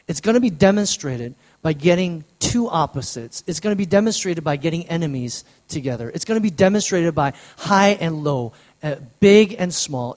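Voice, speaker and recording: Earnest higher-voiced male preacher. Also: a little mellow. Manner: earnest, slows down to stress key words. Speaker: pastor. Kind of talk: sermon. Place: church sanctuary.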